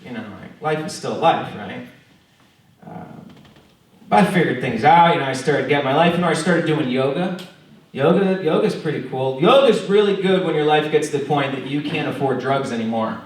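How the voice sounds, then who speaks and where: A man's voice: a little high, lively intonation, moderate pace. A man doing a stand-up comedy set, telling stories in a profane, mock-earnest way. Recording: very echoey room, mic far off.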